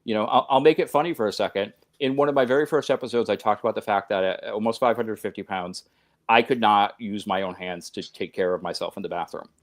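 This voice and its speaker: Talking fast with fairly even intonation in a fairly low voice, a podcast guest who has his own show speaks earnestly and emphatically. His conversational sentences run long and often restart.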